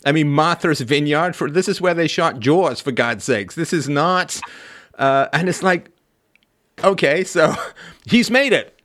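A man hosting a podcast, talking in a lively, wordy way with frequent laughs and asides. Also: a little high, unhurried. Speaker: podcast host. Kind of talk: conversational interview.

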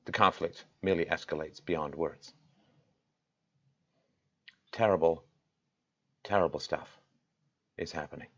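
A man hosting his own show, speaking straight to his audience with impassioned, rhetorical delivery that swings from loud peaks to quiet intensity. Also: a bass voice, measured pace, long pauses, husky, dull audio. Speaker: show host. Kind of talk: direct-to-camera address.

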